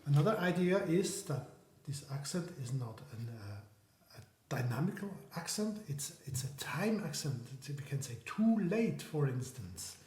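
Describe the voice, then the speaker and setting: A man's voice: on the high side, lively intonation, measured pace, a little mellow. Reflective man teaching piano, echoey room. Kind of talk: piano lesson explanation.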